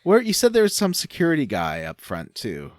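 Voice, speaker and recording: A man's voice: a little high, wildly swooping pitch, fairly quick, no room sound, clean studio sound. A man co-hosting a podcast, rambling casually and hesitantly about a video game. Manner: rambling, hesitant, lots of uh and restarts. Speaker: podcast co-host.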